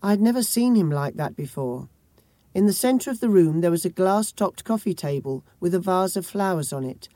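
Brief: woman audiobook narrator, measured grave delivery, mellow voice, dry close recording. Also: on the low side, lively intonation, no echo. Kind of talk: first-person audiobook narration.

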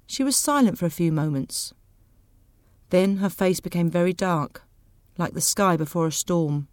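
Woman reading a story, clear and steady, dry close sound. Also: on the low side, moderate pace, no room sound. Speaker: audiobook reader. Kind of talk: scripted narration of a graded reader.

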